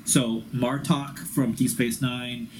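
Excitable male podcast co-host, faint hiss. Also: mid-range voice, low-quality recording. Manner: excitable, quick bursts, laughing at himself. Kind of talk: casual fan podcast chat.

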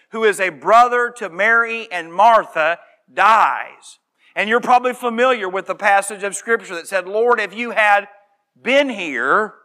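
Male preacher, high bright voice, slow scripture reading, rises to impassioned shouts. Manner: builds to impassioned shouting, then drops quiet and earnest; reads scripture aloud slowly. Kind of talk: sermon.

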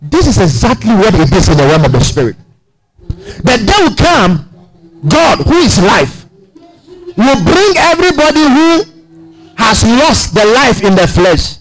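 A man's voice: big pitch swings, measured pace, long pauses, low-quality recording. A man preaching a sermon, emphatic, often asking the congregation questions. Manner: emphatic, asks the congregation questions, big swings in pitch.

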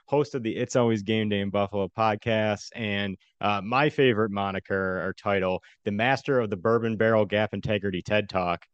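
A man's voice: on the low side, fairly even intonation, normal speed, hardly any pauses, clear, resonant tone, no room sound, dull audio. A young man hosting a casual sports podcast, upbeat and chatty, laughing often. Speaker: podcast host.

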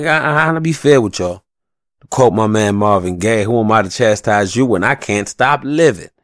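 A man's voice: sits low, no room sound, clean studio sound. A young adult man hosting a solo podcast, talking in a passionate, profane rant full of slang. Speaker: podcast host.

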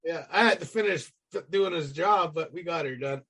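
A middle-aged man telling a casual, salty story as a podcast guest, acting out the people in it with animated voices. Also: on the high side, moderate pace, husky.

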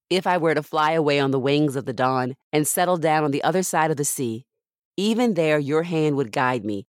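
Woman scripture reader, deep voice, dry close studio sound, measured and reverent. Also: no room sound. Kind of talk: scripture reading.

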